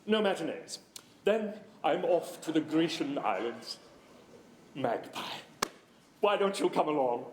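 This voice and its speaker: Flamboyant English playwright, grandly vain. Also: male voice, on the high side, lively intonation, measured pace, pauses often, a little hiss or hum. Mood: grandly gossiping. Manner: grandiloquent, theatrical, self-adoring. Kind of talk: stage comedy acting. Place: theater stage. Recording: roomy theater stage sound.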